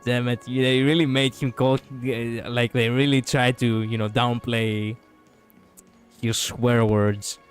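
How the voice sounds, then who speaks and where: A man's voice: mid-range voice, level tone, slow pace, soft background music. A man casually commenting as he streams a video game, chatty and swearing as he reacts.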